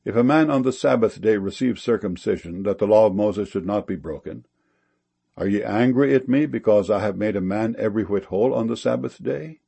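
A man reading old-style Bible verses in a measured, solemn delivery. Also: fairly low pitch, creaky, dark tone, husky. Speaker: scripture reader.

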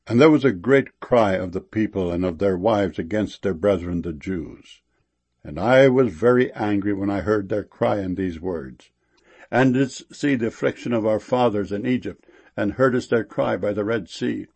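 Solemn male scripture reader, low and gravelly, a bit husky. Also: animated, darkish tone. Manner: measured solemn recitation, raising his voice on exclamations. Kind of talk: reading King James scripture verses.

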